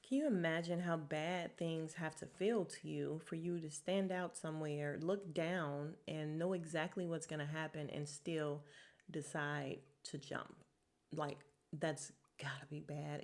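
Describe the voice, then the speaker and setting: Candid, exasperated woman podcaster venting. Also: low voice. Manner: candid, rambling, swings from hushed to loud and exasperated. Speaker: podcast host. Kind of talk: casual solo commentary.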